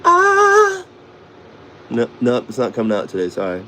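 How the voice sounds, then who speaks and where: A man's voice: fairly low pitch, fairly even intonation, fast talker, darkish tone, a little hiss or hum. A middle-aged man from Chicago rambling casually, cursing and laughing often. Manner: profane, laughs often, does voices. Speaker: vlogger.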